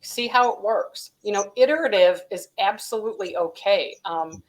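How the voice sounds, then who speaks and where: Speaking at a moderate pace in a mid-range voice, a company vice president chats through practical steps in a business webinar interview, offering advice full of "you know" and "um" fillers. The recording is rough.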